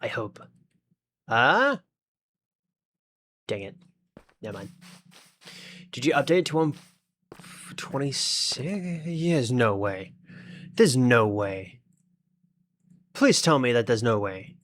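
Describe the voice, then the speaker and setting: A man's voice: medium pitch, animated, slow, long pauses, a bit bright. A man with an Australian accent, chatting casually with his audience during a gaming livestream in a rambling, talkative way. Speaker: streamer.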